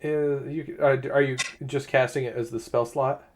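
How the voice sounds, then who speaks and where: A man's voice: mid-range voice, fairly even intonation, moderate pace, slight background noise. A man running a tabletop game as game master, explaining rules and items with frequent "uh" fillers.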